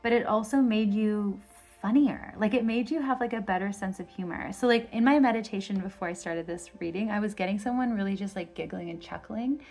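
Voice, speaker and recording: A woman's voice: mid-range voice, a little fast, few pauses, a little mellow. A woman giving a casual pick-a-card tarot reading, rambling with constant fillers and gushing with enthusiasm. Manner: effusive and enthusiastic. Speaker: tarot reader.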